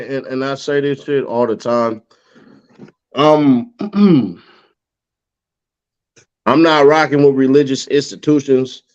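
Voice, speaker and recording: A man hosting a casual conversation, ranting in an animated, profane way. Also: mid-range voice. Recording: dull lo-fi sound.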